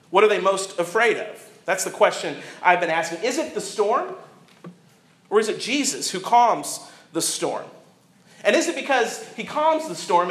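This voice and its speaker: A man preaching a sermon as pastor, expressive and acting out the voices of the people he quotes. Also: high-pitched, echoey room.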